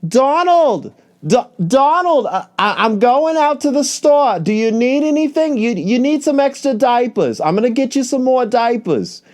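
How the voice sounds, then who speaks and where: A shrill, fussing young wife. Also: male voice, big pitch swings, a little slow, darkish tone, heavily acted. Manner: high, nagging, fussing. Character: shrill young wife fussing over her old husband.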